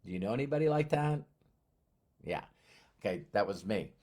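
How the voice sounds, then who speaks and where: A man's voice: on the low side, animated, normal speed, a little mellow. A man giving a motivational talk who tells a personal story, acts out the dialogue, and often repeats words. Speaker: motivational speaker.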